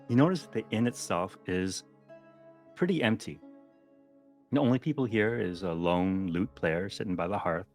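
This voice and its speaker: Man, game master, very low voice, relaxed chatty narration. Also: normal speed, long pauses, soft background music. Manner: relaxed, chatty, with frequent ums and self-corrections.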